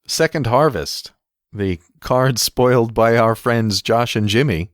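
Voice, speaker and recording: A man's voice: medium pitch, takes it slowly, no echo, studio quality. A man co-hosting a casual podcast, reviewing game cards in a wry tone, laughing often and reading card text aloud. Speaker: podcast co-host.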